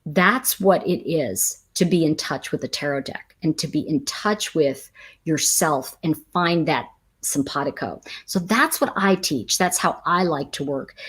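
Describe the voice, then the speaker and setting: A woman who teaches tarot chats casually on a livestream, telling animated stories that drift into tangents and answering viewer comments. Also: on the low side, husky.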